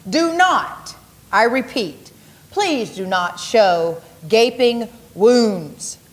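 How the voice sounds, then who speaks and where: A woman's voice: fairly high pitch, expressive, extremely slow. A woman co-hosting a local TV talk show, playful and chatty, jumping from topic to topic in easy banter. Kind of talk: casual chat.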